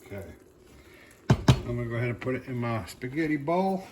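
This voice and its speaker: A man's voice: mid-range voice, a little fast, very noisy. A man hosting a casual home cooking show, talking easily as he cooks and plates a dish. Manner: relaxed, talks while cooking with fillers. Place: home kitchen. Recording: clattering dishes and pans behind.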